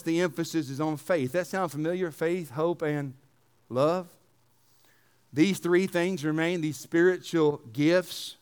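A pastor with a high, smooth, resonant voice. He preaches with emphatic repetition and rhetorical questions. Now and then he sinks to a near-hush for asides. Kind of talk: sermon.

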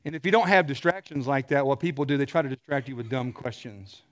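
A middle-aged man preaching a sermon, telling stories with animated energy and clearing his throat often. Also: medium pitch, fast, few pauses.

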